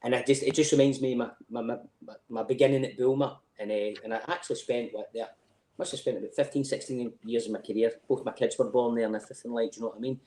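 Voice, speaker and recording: A man's voice: mid-range voice, steady tone, fast talker, mellow, echoey room, low-quality recording. A middle-aged Scottish man telling rambling, sweary stories as a podcast guest, often asking "do you know what I mean". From Scotland. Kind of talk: casual chat.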